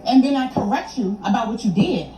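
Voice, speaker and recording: A fairly high-voiced woman fires back short, confrontational lines. The sound is echoey and hissy, like a phone recording in a store. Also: expressive, a little fast. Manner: confrontational, sharp retorts.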